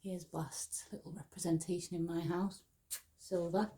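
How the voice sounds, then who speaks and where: A woman at home, softly guiding a meditation and movement practice at an unhurried pace, with quiet whispered asides. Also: on the low side, flat delivery, slight background noise. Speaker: spiritual teacher. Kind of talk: guided meditation and movement instruction.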